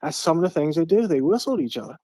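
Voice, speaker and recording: A man's voice: a little high, very animated, rapid-fire, dark tone, no room sound. Earnest rambling man from Maryland. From Eastern Maryland, US. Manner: earnest, repetitive, often restarts phrases. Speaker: podcast guest. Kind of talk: casual storytelling.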